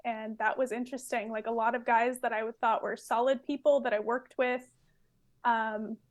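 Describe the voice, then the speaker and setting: A woman's voice: a little high, flat delivery, moderate pace. A woman from California in her twenties, a guest anthropologist chatting casually in a podcast interview, with a loose style full of fillers and laughs.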